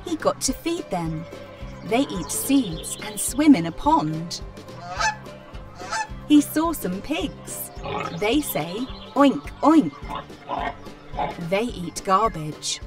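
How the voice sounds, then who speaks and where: Woman storybook reader, slow and plain, distant mic, music bed. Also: medium pitch, sing-song. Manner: slow, clear, plain reading with animal sounds. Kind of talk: children's story narration. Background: children's music.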